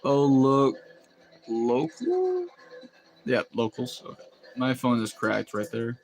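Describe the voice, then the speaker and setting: A man's voice: mid-range voice, huge pitch swings, slow, darkish tone. Chatty rambling male streamer. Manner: rambling, chatty, laughs often while reading chat. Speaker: live streamer. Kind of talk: casual live-stream chat. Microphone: phone.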